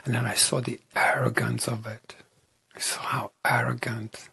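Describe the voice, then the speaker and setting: Husky, gravelly man speaking slowly. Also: medium pitch, level tone. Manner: soft-spoken, often dropping into a whisper. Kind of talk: reflective conversational interview.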